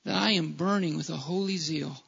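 A man's voice: a little high, fairly quick, vocal fry, fairly bright tone, husky. A man preaching a sermon in a church, impassioned, often stumbling and restarting his phrases. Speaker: pastor. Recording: dull lo-fi church recording.

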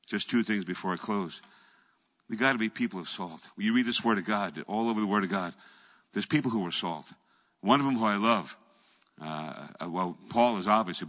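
Middle-aged male pastor, bright husky voice, storytelling sermon, long hall reverb on a dull lo-fi recording. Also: low voice. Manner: storytelling preacher, acts out voices and swings from quiet to loud. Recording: echoey hall, dull lo-fi sound.

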